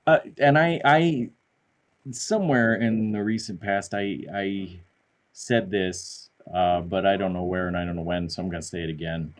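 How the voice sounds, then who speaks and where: A middle-aged man, a podcast guest, talking in a lively, self-deprecating way about his life. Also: low voice, normal speed, poor audio. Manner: animated, self-deprecating storyteller. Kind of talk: casual conversation.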